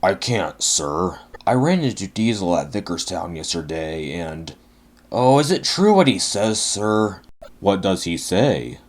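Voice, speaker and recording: A man's voice: low voice, very animated, measured pace, full character voice. A man voicing a sad, dignified large male express engine who speaks mournfully. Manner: mournful, huffy.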